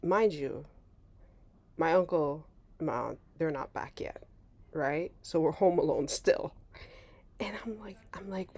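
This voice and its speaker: A young woman vlogger telling a story casually, animated and laughing, acting out voices with big jumps. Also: low-pitched, unhurried, long pauses.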